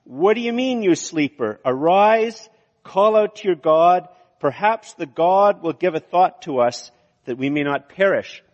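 A man's voice: high-pitched, lively intonation, unhurried, pitched above the performer's own voice. A man voicing an alarmed, indignant ship captain in a raised, urgent reading. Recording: lo-fi reverberant hall.

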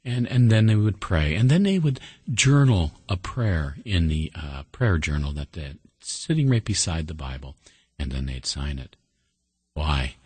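A man preaching a sermon and telling a folksy story, earnest and steady. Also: rumbling low, a little slow, breathy edge, dry recording.

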